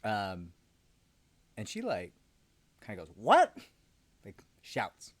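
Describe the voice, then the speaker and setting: A man's voice: low voice, huge pitch swings, takes it slowly, dry recording. A man who hosts a legal channel, telling a story casually with rambling, sarcastic asides and frequent ums. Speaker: lawyer host.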